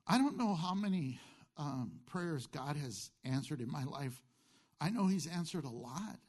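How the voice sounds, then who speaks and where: Lively, high-voiced male pastor preaching. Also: unhurried, breathy edge. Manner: animated, asks the congregation questions and answers them; jokey asides. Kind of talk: sermon.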